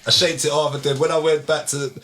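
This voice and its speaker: A man's voice: on the high side, fast. A young man with a London accent, a podcast guest chatting casually and acting out voices in his stories. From England. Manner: animated storyteller, acts out voices, slangy.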